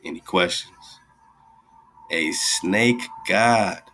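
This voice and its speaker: A man with a very low, gravelly voice talks in loose, rambling radio commentary. He keeps checking in with his listeners, tagging "right?" and "man" onto his lines. Soft music plays faintly underneath. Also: drawn-out words. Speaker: radio host. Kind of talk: casual esoteric commentary over screen share.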